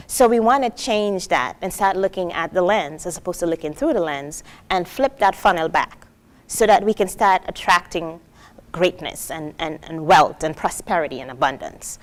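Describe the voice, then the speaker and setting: A woman from Trinidad speaks as a motivational speaker before a live audience. Her voice sits at a middle pitch, and she talks in an animated way, putting on the voices of the people she quotes and throwing questions out to the room. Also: normal speed.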